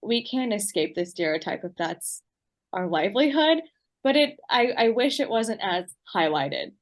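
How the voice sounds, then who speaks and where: A woman's voice: mid-range voice, expressive, moderate pace. A woman speaking as a podcast guest in casual conversation, reflective and hesitant, with many fillers.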